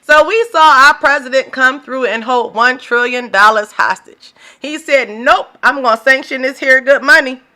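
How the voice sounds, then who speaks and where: Woman podcast host and minister, slightly high, bright voice, lively and preachy. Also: normal speed, few pauses. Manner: animated, preachy, joking, with laughs and African American slang. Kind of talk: casual solo podcast commentary.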